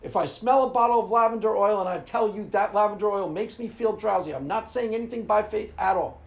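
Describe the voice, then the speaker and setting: Host in a casual monologue: a man who talks emphatically, gets animated, and laughs easily. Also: high-pitched, brisk, creaky. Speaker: Christian apologetics channel host.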